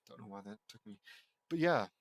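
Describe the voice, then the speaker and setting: A man's voice: mid-range voice, big pitch swings, brisk, gravelly, dry recording, highs cut off. A man reading a fan fiction story aloud, breaking off into sarcastic, swearing asides. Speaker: audiobook reader.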